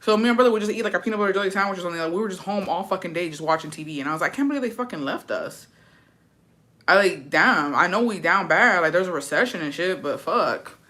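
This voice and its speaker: Bright-voiced woman vlogger, profane and blunt. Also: lowish voice, rapid-fire, hardly any pauses. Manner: animated storytelling. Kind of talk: reading viewer comments and reacting.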